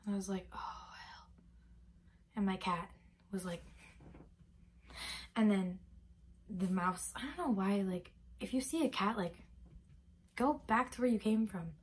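A woman's voice: medium pitch, measured pace, pauses often, slightly rough. A young woman vlogger telling a dramatic story casually, full of fillers. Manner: animated, dramatic, many fillers. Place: bedroom.

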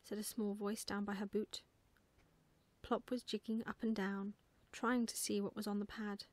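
A woman reading a bedtime story aloud in whispered role-play, soft and slow. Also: medium pitch, flat delivery, dry recording.

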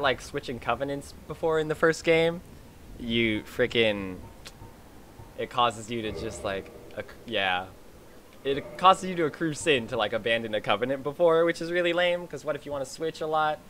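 A man giving excitable, chatty commentary while streaming a game. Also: mid-range voice, slight background noise. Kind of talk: casual gameplay commentary.

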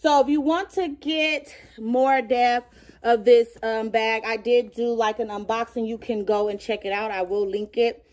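A woman's voice: a little high, fairly even intonation, measured pace. A woman vlogger chatting casually as she shows off items in a show-and-tell video, gushing and calling viewers "girl". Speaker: beauty and lifestyle vlogger.

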